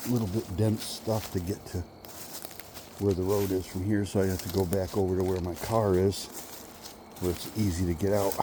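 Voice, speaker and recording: Lowish-voiced guy rambling on a woods walk, halting, yells out now and then, faint noise around. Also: flat delivery. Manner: musing, halting, with sudden loud call-outs. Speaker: vlogger. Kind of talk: rambling walk-and-talk vlog. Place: outdoors in woods.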